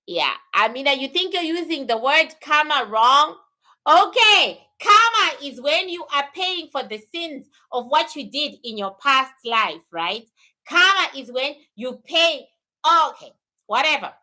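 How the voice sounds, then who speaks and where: A woman hosts a spiritual livestream, answering viewer questions and thanking viewers, often repeating phrases for emphasis. Her voice sits high and sounds animated, bright and forceful, and she speaks a little slowly.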